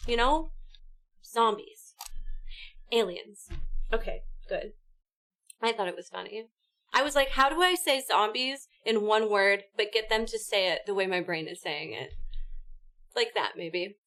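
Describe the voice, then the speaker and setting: A woman's voice: mid-range voice, animated, unhurried, long pauses, a bit bright. A woman hosting a gaming livestream, chatting casually with viewers and co-players and laughing often. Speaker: livestream host. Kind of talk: casual chat with stream chat and co-players.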